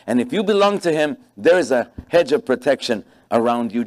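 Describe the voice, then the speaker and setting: A man preaching a sermon as a pastor, telling stories with animation and stressing key phrases. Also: medium pitch. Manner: animated storytelling, acting out dialogue in voices.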